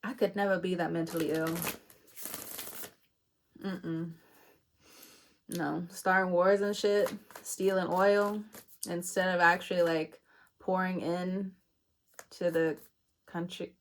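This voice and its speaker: A woman's voice: fairly low pitch, flat delivery, slow pace, long pauses, slight background noise. Chatty woman giving a casual tarot reading. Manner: chatty, meandering, laughs at herself, swears casually. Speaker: tarot reader.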